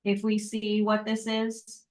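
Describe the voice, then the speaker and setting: A woman's voice: medium pitch, completely flat delivery, takes it slowly, darkish tone. A woman asking a Zen teacher questions, polite and formal, choosing her words carefully. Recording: echoey room.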